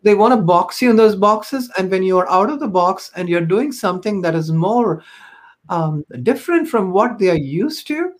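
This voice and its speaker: A woman speaks as a guest on a podcast, recounting her own experiences in an earnest, reflective tone. Her voice sits at a medium pitch, and she often pauses with an um or a you know as she gathers her thoughts. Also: expressive. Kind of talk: personal storytelling in conversation.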